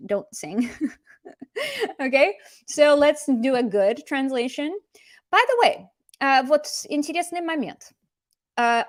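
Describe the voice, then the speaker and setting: A woman teaching a casual live language lesson, chatty and explanatory, slipping Russian phrases into her explanations. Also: high voice.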